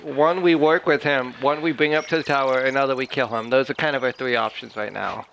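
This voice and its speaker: Gravelly, laid-back male player. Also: mid-range voice, steady tone, a little fast, a bit bright, a little hiss or hum, poor audio. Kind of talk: casual tabletop play.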